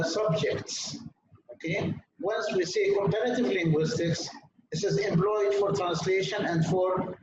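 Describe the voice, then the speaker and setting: A high-voiced man lectures students at an unhurried pace, repeating key terms and pausing to check in with them. He is heard from a distance in a heavily echoing room, and the recording is dull and noisy. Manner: slow, deliberate, repeats key terms, asks "Okay?". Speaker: university lecturer. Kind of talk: introductory course lecture.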